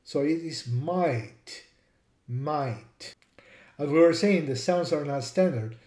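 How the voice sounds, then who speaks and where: A man's voice: fairly high pitch, normal speed, a little mellow, roomy sound. A man teaching a lesson, spelling out words and repeating sounds to demonstrate. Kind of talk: explanatory lesson.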